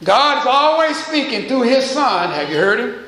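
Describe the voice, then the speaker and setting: A man preaching a sermon as pastor, pausing to quiz his congregation with call-and-response questions. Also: very high-pitched, very animated, pushed and bright, reverberant, low-quality recording. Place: church.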